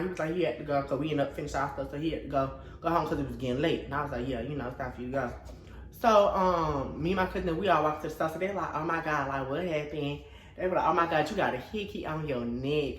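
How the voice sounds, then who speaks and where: Young male vlogger, animated storyteller, bouncy lively voice, roomy echo. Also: brisk. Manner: animated, acts out quotes in a high dramatic voice. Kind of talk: casual storytelling.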